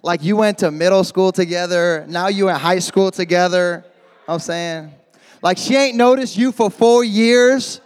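A young man preaching an energetic youth sermon as a youth pastor, animated and jokey, shouting for emphasis. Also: sits high, normal speed, long reverb tail.

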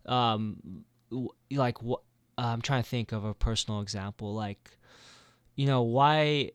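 A man's voice: medium pitch, steady tone, measured pace, clean tone, dry recording. A man co-hosting a podcast in casual chat, rambling with many fillers and restarts. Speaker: podcast co-host.

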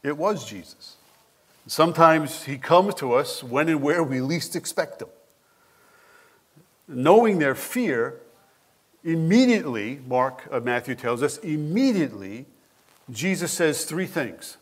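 A man preaching a sermon as pastor, with an expressive, animated delivery who asks his listeners questions directly. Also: fairly high pitch, normal speed.

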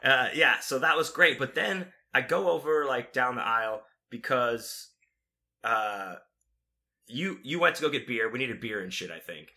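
A man's voice: medium pitch, animated, normal speed, pushed and bright. A man telling stories in casual chat, rambling and profane, with lots of fillers and restarts.

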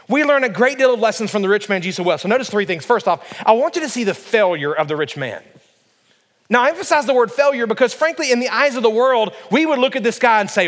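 High-voiced man preaching in a reverberant hall. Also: a bit bright. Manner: emphatic, addresses congregation with rhetorical questions. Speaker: pastor. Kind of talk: sermon. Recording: long reverb of a large hall.

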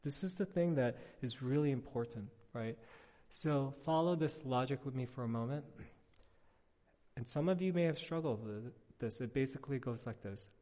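A man pastor giving a casual, animated sermon, telling stories with lots of filler words. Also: medium pitch, moderate pace. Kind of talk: conversational sermon. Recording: long hall reverb.

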